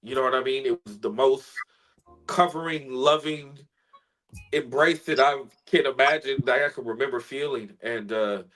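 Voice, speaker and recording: A man, a spoken word artist, telling an emotional personal story in an earnest, heartfelt way, sometimes soft-spoken. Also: medium pitch, normal speed, faint music behind, poor audio.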